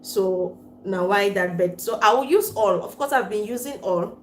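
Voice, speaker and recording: A woman's voice: medium pitch, moderate pace. A woman with a Cameroonian accent hosting a casual livestream chat, reading out viewer comments, laughing often and mixing pidgin with English. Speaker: livestream host. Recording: roomy echo, faint room noise.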